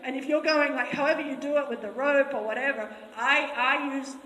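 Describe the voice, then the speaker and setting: A woman's voice: high-pitched, steady tone, brisk, sharp tone. A woman horse trainer giving a live, chatty demonstration, talking to onlookers and to the horse in turn. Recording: echoey arena with long reverb, faint noise.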